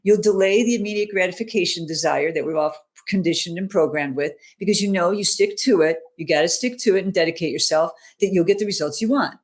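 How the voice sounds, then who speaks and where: A woman's voice: fairly low pitch, fast talker, few pauses. Earnest woman telling her story on a call. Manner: earnest, peppers talk with "you know", "okay?" and "right?". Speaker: interview guest, mental fitness coach. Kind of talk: personal storytelling in a conversational interview.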